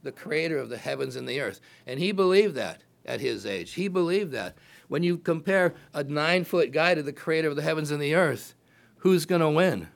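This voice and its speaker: A man's voice: fairly high pitch, expressive, moderate pace, gravelly. Man preaching, reading scripture. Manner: reads verses aloud, breaks in with emphatic rhetorical questions.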